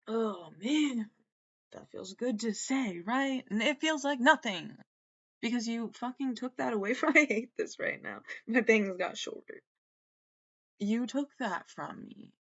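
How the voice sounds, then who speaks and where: A woman's voice: a little high, animated, a little slow, lo-fi sound. A woman hosting a podcast, rambling through a solo monologue, swearing and trailing off mid-thought. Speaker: podcast host.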